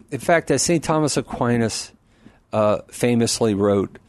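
A man answering callers on a call-in radio show in an animated, preacherly way, quick to laugh. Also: medium pitch, dry recording. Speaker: Catholic apologist radio guest.

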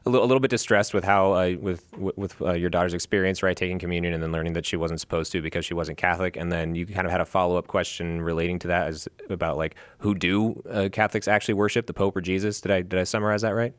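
A male call-in host with a low, deep voice who talks quickly, with frequent uh fillers. He sounds close and dry, with no room echo. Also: level tone. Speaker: radio show host. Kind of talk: call-in radio hosting.

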